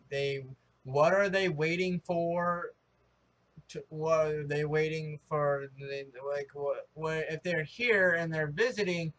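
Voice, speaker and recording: A young man from the United States rambling excitably in a casual opinion vlog, full of restarts and fillers. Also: on the high side. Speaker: vlogger.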